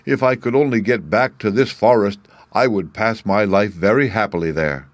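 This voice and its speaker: A man voicing a big shaggy male lion in a storybook, speaking slowly and drawn out, a little timid. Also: lowish voice, dry recording, close to an everyday voice. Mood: wistful.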